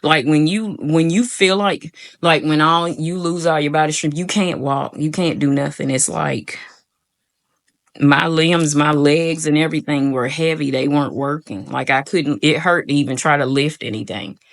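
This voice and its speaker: A woman's voice: sits low, moderate pace. A young woman telling a personal story to her viewers in a casual, rambling way, full of "like" and "y'all". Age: young adult. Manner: rambling, frequent "like" fillers, addresses viewers as y'all. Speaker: vlogger.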